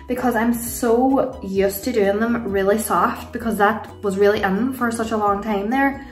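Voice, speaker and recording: A woman's voice: mid-range voice, steady tone, unhurried, faint music behind. A young Irish woman chatting through a makeup tutorial at home, rambling and gushing about products with frequent laughs. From Ireland. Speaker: beauty vlogger. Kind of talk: casual makeup tutorial and Q&A chat. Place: home room, kids nearby. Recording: roomy sound from a distance.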